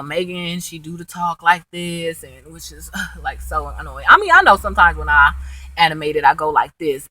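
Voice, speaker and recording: A young woman casually recapping a reality show episode, animated and gossipy, with quick asides. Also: lowish voice, no echo, rough recording. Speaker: vlogger reviewing a reality show.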